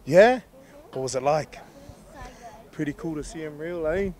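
A man's voice: fairly high pitch, a little slow, darkish tone. A young Australian man, a rugby league player, chatting playfully outdoors and throwing questions back at the interviewer. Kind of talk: casual interview chat.

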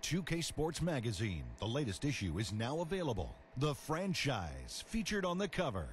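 Polished promo announcer for a sports magazine: lively pitch, scripted and smooth. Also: male voice, moderate pace. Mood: promotional.

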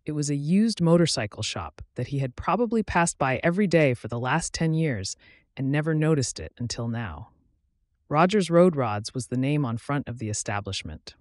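A man narrating his own story like an audiobook, reading at a measured, steady pace. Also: on the high side, no echo, studio quality.

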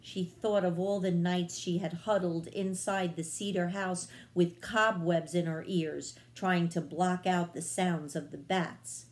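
Slow, calm woman reading a storybook. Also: fairly low pitch. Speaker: children's librarian. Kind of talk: children's read-aloud narration.

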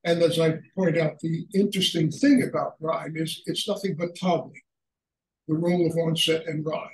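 An older man giving a halting academic lecture on poetry, full of fillers and restarts. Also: fairly high pitch, fairly even intonation, far from the mic, slight background noise. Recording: echoey room, speaker away from mic.

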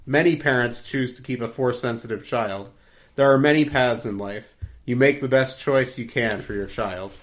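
A man reading aloud as a calm, wise Jedi master who speaks gently and firmly. The voice sits at an ordinary middle pitch and stays steady. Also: normal speed, natural voice.

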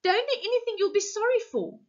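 A woman's voice: fairly high pitch, big pitch swings, slow, fairly bright tone, muffled recording, full character voice. A woman reading aloud the lines of a desperate, uneasy husband caught cheating. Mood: pleading. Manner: uneasy, pleading.

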